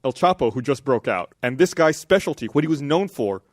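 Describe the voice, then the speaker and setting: A man's voice: medium pitch, expressive, fairly quick. A man rambling through offhand stories and jokes in a casual podcast chat. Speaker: podcast regular.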